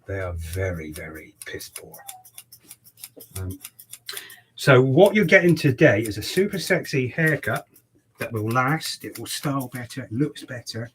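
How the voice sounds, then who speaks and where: A man's voice: medium pitch, big pitch swings, measured pace, fairly bright tone, slight background noise, low-quality recording. A man, a barber chatting and teasing his customers while he cuts hair in his shop. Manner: cheeky, mock-gruff teasing. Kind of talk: livestreamed casual banter while cutting hair.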